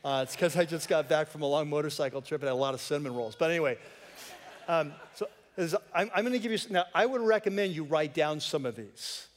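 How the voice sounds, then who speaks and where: Casual, joking pastor in a reverberant hall. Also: male voice, a little high, animated, fast talker. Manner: conversational, joking asides to the congregation. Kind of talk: sermon. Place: church sanctuary. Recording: long reverb of a church hall.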